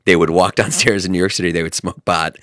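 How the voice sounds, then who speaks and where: A man hosting a podcast, telling stories in a casual chat, animated and swearing freely. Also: deep voice, quick pace, no echo, studio quality. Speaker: podcast host.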